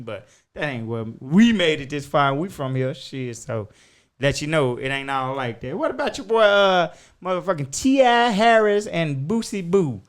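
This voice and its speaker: Animated man hosting. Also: mid-range voice. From Chicago. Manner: animated, swearing, laughing often. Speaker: podcast host. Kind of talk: casual chat.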